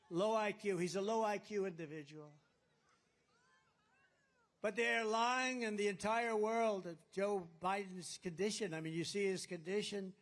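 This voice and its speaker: A man speaks to a rally crowd, his voice sitting rather high for a man. He rambles and boasts, circling back to the same phrases again and again. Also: moderate pace. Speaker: political candidate. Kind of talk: campaign rally speech. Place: rally at a golf resort.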